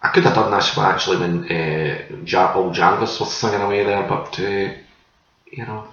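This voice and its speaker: A man's voice: deep voice, fairly even intonation, moderate pace, fairly bright tone, echoey room, recorded from a distance, dull audio. A man hosting a pub quiz in a loose, chatty way, wandering off track and correcting himself as he goes. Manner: chatty, meandering, self-correcting. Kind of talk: casual rambling quiz hosting.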